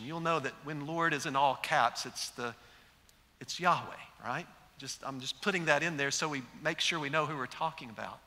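Lively preacher in an echoey hall. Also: male voice, fairly high pitch, normal speed. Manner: animated storyteller acting out quotes. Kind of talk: sermon. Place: large church sanctuary.

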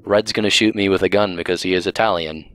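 Male let's play host, lowish voice, dry joking banter. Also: fast. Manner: wry, deadpan joking. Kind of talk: casual gaming commentary.

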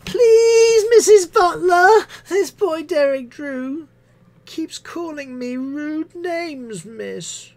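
A live-stream poetry reader voicing a young schoolchild who keeps tattling to the teacher in a whiny, pleading, drawn-out way. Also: high-pitched, animated, a little mellow, voice pushed up, exaggerated voice.

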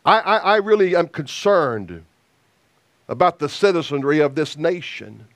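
Slow, emphatic high-voiced preacher man. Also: lively intonation, fairly bright tone, no echo, studio quality. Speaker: evangelist preacher. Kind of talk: sermon.

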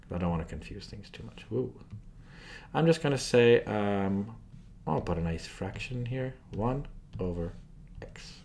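A man talks through a math lesson on a screen recording, chatting and thinking aloud as he sketches graphs. His voice sits fairly low but swings up and down a lot. He keeps turning questions back to the viewer. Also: expressive, unhurried, vocal fry, darkish tone, a little hiss or hum. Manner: asks the viewer frequent questions. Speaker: math tutor.

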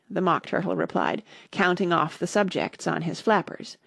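A woman narrating a classic storybook with steady, unhurried storytelling. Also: fairly low pitch, gravelly, no echo, clean studio sound. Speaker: audiobook narrator.

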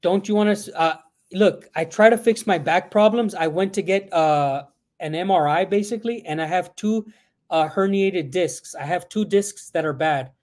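High-voiced man chatting on a live stream. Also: normal speed, darkish tone. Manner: rambling, reads out chat questions, mixes in Spanish. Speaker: guest answering viewer questions.

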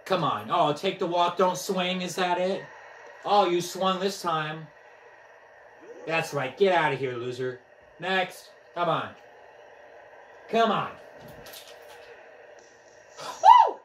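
A young man giving casual commentary on a motion game he is playing, excitable and trash-talking, out of breath as he swings a controller. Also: high-pitched, slow, pauses often, slight background noise. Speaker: gaming vlogger. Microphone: camera mic from a few steps away. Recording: echoey room, distant from mic.

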